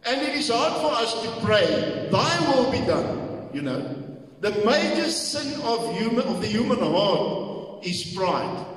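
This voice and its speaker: A man preaching a sermon, reading scripture slowly and explaining it with many fillers. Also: sits high, sing-song. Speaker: pastor. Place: church hall. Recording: echoey church hall from far off.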